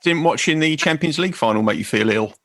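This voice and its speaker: A man's voice: on the high side, lively intonation, fast, a bit bright. A man co-hosting a podcast, teasing his partner with dry, leading questions in casual chat. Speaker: podcast co-host.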